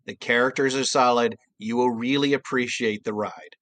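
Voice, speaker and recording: Animated male voice actor, dry sound. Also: medium pitch, moderate pace, dry recording. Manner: animated, acts out quotes in character voices. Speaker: voice actor guest. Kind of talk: casual podcast chat.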